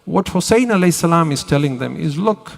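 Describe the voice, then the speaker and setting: Gravelly-voiced man preaching a mourning sermon. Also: on the high side, animated, in a large hall. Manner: chants Arabic invocations in a slow, drawn-out melody; voice rises and swells with emotion when retelling the tragedy. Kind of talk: majlis sermon with chanted recitation.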